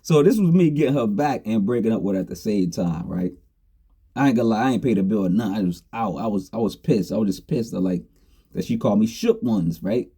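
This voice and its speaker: A man's voice: on the low side, animated, a little fast, warm tone, breathy edge. A middle-aged man casually telling a story from his younger days, laid-back and slangy, laughing often. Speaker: storyteller host.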